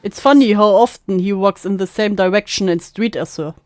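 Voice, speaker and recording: A woman's voice: medium pitch, fairly quick, a little mellow, dry recording. A woman streamer making dry, mocking remarks while she reacts to a clip. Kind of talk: sarcastic live commentary.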